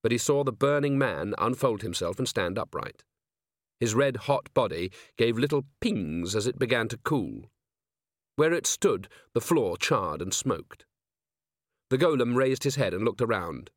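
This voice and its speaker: In studio-quality audio without echo, a man reads audiobook narration from a script. His mid-range voice stays measured and even.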